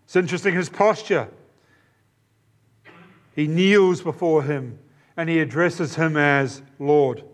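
A man's voice: a little high, slow, pauses often. A man preaching a sermon in an earnest, emphatic way, often repeating key phrases. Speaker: pastor.

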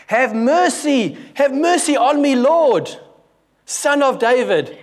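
A man voicing a desperate woman who shrieks loudly and repeatedly for mercy. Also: very high voice, expressive, slow, voice pushed up, full character voice. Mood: desperate pleading. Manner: loud, pleading, repeated cries.

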